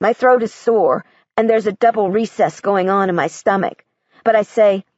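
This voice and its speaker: A woman's voice: medium pitch, moderate pace, darkish tone, dry recording, dull audio. A woman narrating an audiobook in the first person, in a matter-of-fact, literal and earnest manner.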